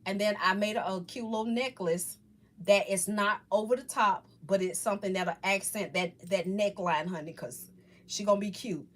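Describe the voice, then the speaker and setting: A woman hosting a casual live chat with viewers, talking about faith in a halting, rambling, heartfelt way. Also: medium pitch. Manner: halting, rambling, restarts often. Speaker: livestream host chatting with viewers.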